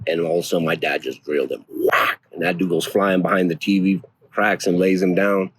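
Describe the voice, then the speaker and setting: Deep-voiced man in his forties, street slang. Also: fairly quick, slight background noise. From North Denver, USA. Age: 40s. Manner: street slang, rough and profane. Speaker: interviewee. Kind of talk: casual storytelling.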